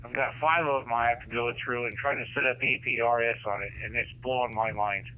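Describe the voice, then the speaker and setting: A man's voice: medium pitch, fairly even intonation, fast. A man checking in on an amateur radio net, easygoing and full of fillers. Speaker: ham radio caller. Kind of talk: on-air radio check-in chat. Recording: narrow radio transmission.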